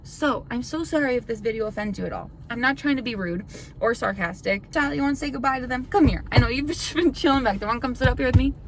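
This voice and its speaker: A woman's voice: fairly high pitch, quick pace, a little hiss or hum, poor audio. A young woman YouTuber in a casual vlog rant, frustrated and defensive. She swears often and rambles with lots of "like". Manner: rambling with filler "like".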